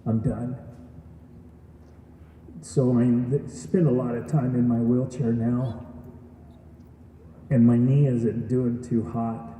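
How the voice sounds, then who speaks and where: Male speaker, earnest storyteller, dark mellow tone, heard from a distance in a hall. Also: medium pitch, little pitch movement, slow pace, slight background noise. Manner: earnest storytelling, addresses audience with questions. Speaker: graduation speaker. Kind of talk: testimonial speech. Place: event hall. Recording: echoey hall from far off.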